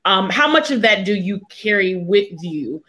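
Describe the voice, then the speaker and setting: Woman host moderating a panel, mid-pitched, halting delivery with lots of ums. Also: big pitch swings, bright, forceful tone. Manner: halting, many fillers while framing questions.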